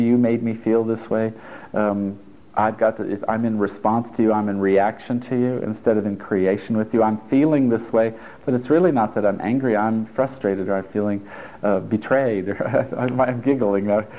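A man, a therapist, talking a group through a workshop in a chatty, encouraging way with joking asides. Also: medium pitch. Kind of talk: live workshop talk to a group. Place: stuffy indoor room with an audience. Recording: tinny phone-like lo-fi recording.

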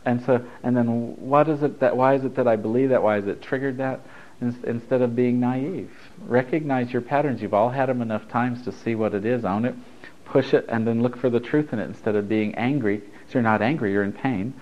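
A man's voice: medium pitch, a little fast, dull audio. A man giving a loose, conversational spiritual talk to a group, laughing and swearing freely as he teaches.

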